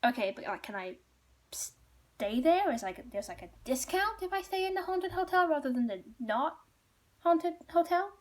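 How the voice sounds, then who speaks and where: A woman's voice: extremely high pitch, very animated, normal speed, pitched above the performer's own voice. A woman storyteller voicing a dim, fearless young farmer's son in a blunt, breezy, casual way.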